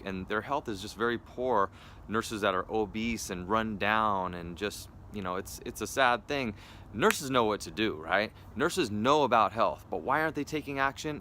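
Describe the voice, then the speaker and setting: A male wellness coach pitches his program with upbeat, persuasive energy. His voice sits a little low but sounds bright and forceful. Casual fillers slip in as he talks straight to viewers. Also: slight background noise. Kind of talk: direct sales pitch to viewers.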